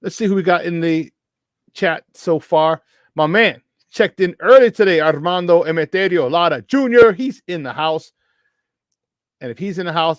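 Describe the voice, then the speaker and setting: A man hosting a morning sports talk show, hyped and shouting out listeners by name. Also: on the high side, animated, moderate pace, no room sound, studio quality. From Chicago area. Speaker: sports radio host.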